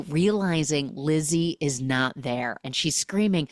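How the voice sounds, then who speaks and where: A woman's voice: deep voice, measured pace, few pauses, no echo, studio quality. A woman hosting a podcast, animatedly recapping a film, acting out the characters' lines and humming the score.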